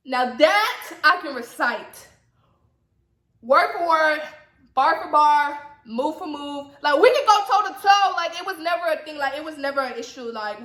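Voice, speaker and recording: A woman's voice: high voice, pushed and bright. A young woman from Atlanta with a slight Southern accent, chatting casually to camera, repeating herself with playful teasing asides. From Atlanta, Georgia. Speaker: vlogger. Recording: echoey room with faint noise.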